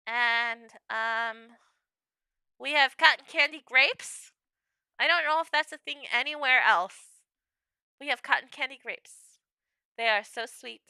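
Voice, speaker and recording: A young woman from the United States talks to her livestream chat in a high, very bright voice, rambling happily with plenty of "like"s. She speaks at an unhurried pace, and the sound is dry and close, with no room around it. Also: clear, resonant tone, no room sound. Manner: bubbly, chaotic, rambling with many "like"s. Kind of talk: casual chat with viewers.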